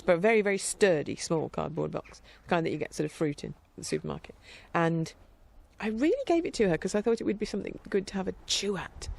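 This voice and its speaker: A middle-aged woman chatting casually in a rambling, warm-hearted way, with fillers and light laughter. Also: low-pitched, creaky. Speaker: vlogger. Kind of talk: casual chat.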